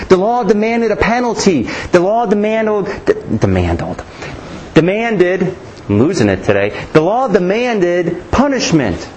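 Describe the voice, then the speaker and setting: A man's voice: high-pitched, darkish tone, slight background noise, low-quality recording. A man preaching a Bible teaching sermon, asking rhetorical questions and often restarting his sentences.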